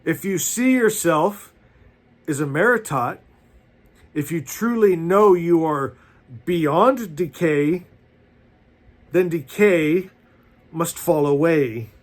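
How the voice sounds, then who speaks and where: A man with a high voice preaches at an unhurried, deliberate pace. He reads inspirational passages aloud as a spiritual teacher, fervent and exhorting toward his listeners. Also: animated. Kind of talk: inspirational sermon reading aloud.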